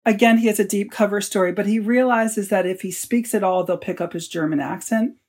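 Animated woman telling a wartime story. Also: medium pitch, fairly quick, breathy edge. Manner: animated storyteller, quotes people in her tale. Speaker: author and guest. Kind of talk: storytelling interview answer.

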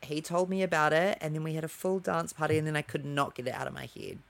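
A young man co-hosting a casual podcast, telling stories in an animated, playful way. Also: on the high side, quick pace, vocal fry. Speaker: podcast co-host. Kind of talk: casual chat.

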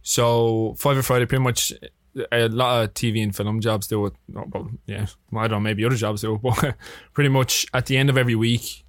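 A man's voice: mid-range voice, a little fast, hardly any pauses, no echo. Irish man, podcast guest, swears freely, acts out quotes in his stories, dry close mic. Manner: animated, profane, acts out quotes. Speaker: podcast guest, filmmaker and actor. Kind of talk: casual anecdote telling.

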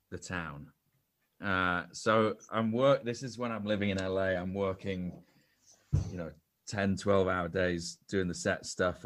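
A man's voice: deep voice, a bit bright. A young man, a podcast guest and actor, telling a self-deprecating story in casual chat with frequent restarts.

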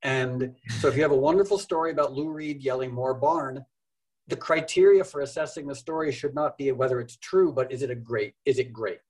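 A man's voice: medium pitch, a little fast, darkish tone, husky, low-quality recording. A middle-aged man, a musician guest on a podcast, talking in a wry, thoughtful, rambling way with self-deprecating humor. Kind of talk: casual interview conversation.

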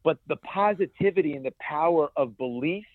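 A man, a guest in an interview, telling stories in an energetic way with many restarts. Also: a little high, brisk, dry recording. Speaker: guest, ultrarunner. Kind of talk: conversational interview. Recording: tinny phone-like dry sound.

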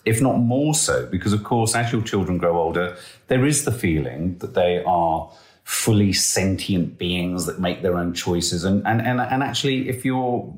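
A man's voice: low-pitched, normal speed. A middle-aged man co-hosting a parenting podcast, telling stories animatedly and acting out the voices of the people he quotes. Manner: animated storyteller who acts out quoted voices. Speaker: podcast co-host. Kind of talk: casual podcast chat. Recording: roomy echo.

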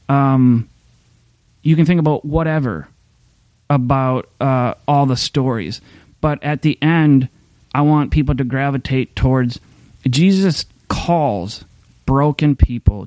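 A man preaching in a loose, conversational way, circling back and restarting his sentences as he thinks aloud. His voice is mellow and unhurried in tone, with a dry, close recording. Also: mid-range voice, no room sound. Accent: Upper Midwest American. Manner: rambling, conversational, many restarts and fillers. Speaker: pastor. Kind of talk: informal sermon.

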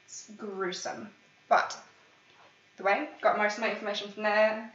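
A woman's voice: mid-range voice, little pitch movement, normal speed, a bit bright. A woman hosting a casual true-crime podcast, chatty and often stumbling over names. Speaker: podcast host. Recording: echoey room, far from mic, dull lo-fi sound.

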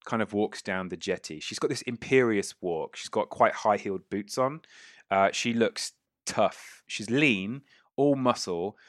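A man's voice: on the low side, a bit bright, no room sound, studio quality. A man narrating a tabletop game as game master, rambling with many fillers and restarts.

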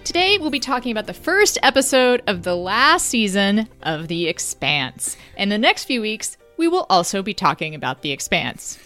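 Lively, wry woman co-hosting a podcast. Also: mid-range voice, moderate pace, hardly any pauses, dry recording, soft background music. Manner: wry, deadpan humor with playful rhetorical questions. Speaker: podcast co-host. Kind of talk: casual podcast chat.

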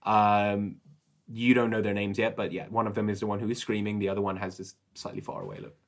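A man running a tabletop horror game as game master, relaxed and laughing easily between descriptions. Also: lowish voice, fast talker.

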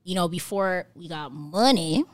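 A woman, lead actress of a web series, talking as a podcast guest in a lively, slangy way, full of "like". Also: lowish voice, measured pace, no echo. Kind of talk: casual interview chat.

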